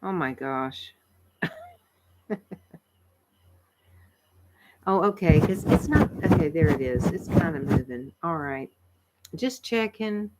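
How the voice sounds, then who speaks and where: A woman, chatting casually with viewers on a livestream, tired and a bit croaky, laughing often and rambling with fillers. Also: deep voice, expressive, measured pace, pauses often, darkish tone. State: tired, frog in her throat. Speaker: livestream host. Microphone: computer microphone.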